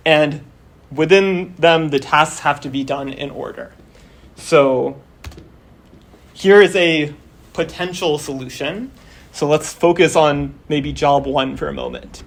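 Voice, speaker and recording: A young man lecturing in a classroom, his voice sitting a touch higher than most men's. He explains things step by step in a loose, casual way, leaning on "um" and "like". His voice is starting to wear out. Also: slow pace. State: losing his voice. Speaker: course instructor. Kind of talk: university lecture.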